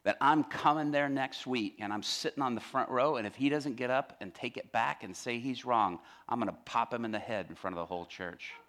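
A male pastor voicing an angry, threatening grown man who makes low, menacing threats. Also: a little fast, few pauses, a bit bright, close to an everyday voice.

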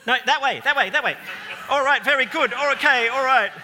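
Playful pastor in a reverberant church. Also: male voice, very high-pitched, fairly quick, sharp tone, a little hiss or hum. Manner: playful, coaching volunteers with running stage directions. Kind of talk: all-age Easter sermon, directing a re-enactment.

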